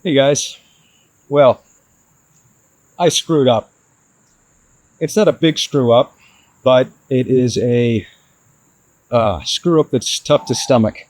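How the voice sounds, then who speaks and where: A man vlogging his van build to the camera, frustrated and hard on himself, with halting restarts. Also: mid-range voice, darkish tone, no echo, rough recording. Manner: frustrated, self-critical, talks in restarts. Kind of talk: casual DIY vlog talk to camera.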